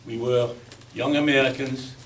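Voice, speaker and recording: A man in his eighties with a Belgian accent, giving a speech with humor as a chuckling, animated storyteller. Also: medium pitch, moderate pace. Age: 80s. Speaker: guest speaker. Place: museum event hall. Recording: distant mic with faint background noise.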